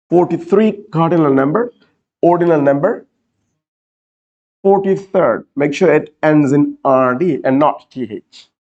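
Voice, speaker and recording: A man's voice: a little high, darkish tone, dull audio. A man teaching an exam-prep class, repeating key words and explaining step by step. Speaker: IELTS teacher. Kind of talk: classroom lecture.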